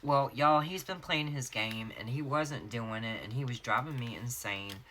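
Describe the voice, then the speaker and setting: Bright-voiced Southern woman spinning a story. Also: rumbling low, a little hiss or hum. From North Carolina, USA. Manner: chatty, laughing, drawn-out storytelling asides. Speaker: planner vlogger. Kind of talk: casual storytelling chat while decorating a planner. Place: home craft office.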